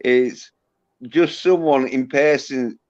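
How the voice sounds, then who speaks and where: A man hosts a casual livestream, blunt and full of swearing. He talks slowly at a middling pitch. The audio is a bit dull and lo-fi. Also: a little mellow. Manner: blunt and heavily profane. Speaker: livestream host.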